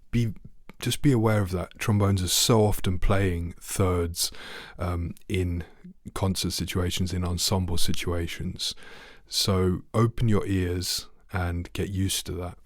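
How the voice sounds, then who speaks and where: A man's voice: low voice, dry recording, studio quality. A man teaching a trombone lesson online, friendly and asking the viewer questions. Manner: friendly, asks the viewer questions, sings notes.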